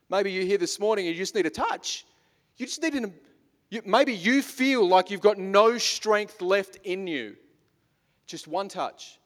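A man in his thirties preaches from the pulpit in a raised, high-set voice. He is earnest and emphatic, circling back on words as he drives his points home. The sound carries a long reverb from a church hall. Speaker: pastor. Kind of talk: sermon.

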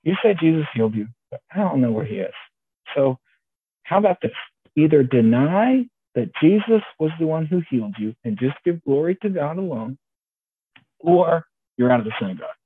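A man's voice: fairly high pitch, big pitch swings, normal speed, breathy edge. A man voicing rigid, pompous male religious leaders in a sermon, lecturing and dismissive. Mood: indignant. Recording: tinny phone-like sound, faint hiss.

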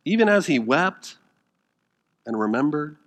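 A man delivers a sermon as pastor, with a fairly high, bright, forceful voice. He is dramatic, swinging from loud emphatic bursts to hushed near-whispers. He puts questions to his listeners and acts out the quoted lines. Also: sing-song, unhurried.

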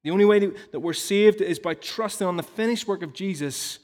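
Preacher in a reverberant church hall. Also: male voice, sits high, a little fast, a little mellow. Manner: earnest teaching tone, explains with stories and rhetorical questions. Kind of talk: sermon. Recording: long reverb of a large hall.

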